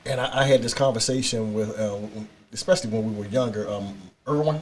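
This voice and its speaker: A man's voice: lowish voice, a little fast, darkish tone, a little hiss or hum. A middle-aged man in a casual podcast chat, telling stories and repeating words as he starts sentences. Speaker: podcast guest.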